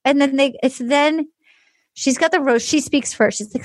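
Woman, high voice, casual recap, acts out quotes, dry close sound. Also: normal speed, no echo. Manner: heavy use of "like" and restarts. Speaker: podcast co-host recapping a reality show. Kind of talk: casual chat.

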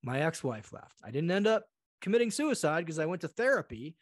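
A man's voice: on the high side, fairly quick, no room sound, clean studio sound. A man talking as a podcast guest, telling stories and acting out the voices of people in them. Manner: animated storyteller acting out quoted voices. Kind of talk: conversational interview.

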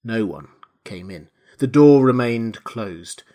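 A man's voice: mid-range voice, animated, slow pace, mellow. Man reading a classic novel aloud. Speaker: reader. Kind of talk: audiobook narration.

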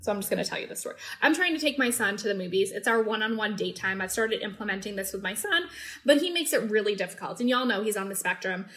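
A woman's voice: medium pitch, animated, fast, bright, forceful tone. A woman, casually teaching emotional tapping on a live video, rambling with lots of likes and ums, acting out her own venting as she demonstrates. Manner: chatty, rambling, self-interrupting with likes and ums. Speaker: EFT tapping coach.

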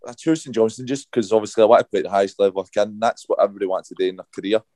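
A man's voice: lowish voice, very fast, dark tone, no echo. A man answering interview questions as a footballer, hesitant with many fillers. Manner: hesitant, many fillers, keeps saying obviously. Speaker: guest footballer.

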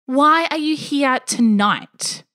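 A woman's voice: high-pitched, slow pace, pushed and bright, pitched above the performer's own voice, exaggerated voice. A woman voicing a bossy, fearless eleven-year-old girl who talks in a firm, matter-of-fact way in a storybook reading. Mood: exasperated.

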